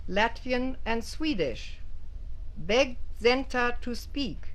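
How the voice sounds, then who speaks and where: A woman reading a scripted documentary narration slowly and deliberately, carefully pronouncing foreign phrases. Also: fairly high pitch, expressive, background noise.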